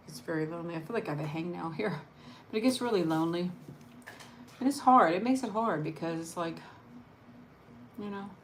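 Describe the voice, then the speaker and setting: A woman with a fairly low voice chats softly while she eats on a livestream, drifting from one thought to the next. She laughs often. A faint hum of room ambience sits behind her. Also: gravelly. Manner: chatty, soft-spoken, rambling, laughs often. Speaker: mukbang channel host. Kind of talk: casual eat-and-chat livestream.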